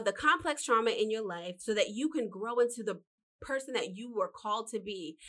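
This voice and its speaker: Casting note: woman in her thirties as a motivational podcast host, fairly high voice, animated and preachy, calls the listener honey. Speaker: podcast host giving life advice. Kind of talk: casual motivational talk.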